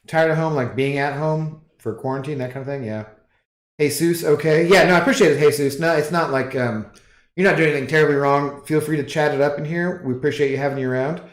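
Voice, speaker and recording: A man hosting a livestream, chatting casually with viewers and rambling through relaxed asides while reading chat. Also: a little high, fast talker, roomy sound.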